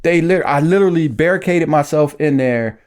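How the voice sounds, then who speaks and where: A man with a fairly high voice, talking fairly quickly, tells his recovery story in casual conversation, staying lively and acting out the voices of the people involved.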